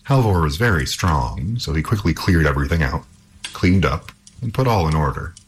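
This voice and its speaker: A man reading a fairy tale aloud in an expressive, measured storytelling manner. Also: very deep voice, slight background noise.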